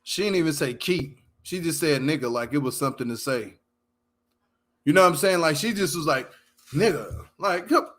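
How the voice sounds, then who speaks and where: A man with a slightly high, a bit bright voice and lively intonation talks a little fast, hosting a casual commentary show. He rants bluntly with lots of swearing, addressing his viewers directly.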